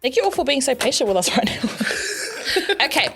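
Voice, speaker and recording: A woman's voice: sits high, very animated, a little fast, fairly bright tone, faint music behind. A woman co-hosting a podcast in casual chat, giggly and playful, laughing often. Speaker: podcast co-host.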